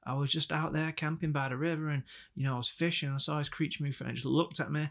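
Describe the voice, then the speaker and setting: A man's voice: on the high side, fairly even intonation, quick pace, gravelly, a bit bright, pitched above the performer's own voice. A man putting on a drawling Bigfoot believer. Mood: storytelling. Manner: drawling, with a put-on regional accent. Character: rural male Bigfoot believer telling a story.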